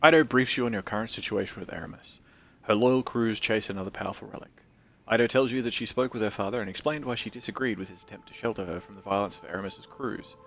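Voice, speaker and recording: A man's voice: on the low side, fast talker. A man streaming a video game, joking, rambling and reading game text aloud in casual commentary.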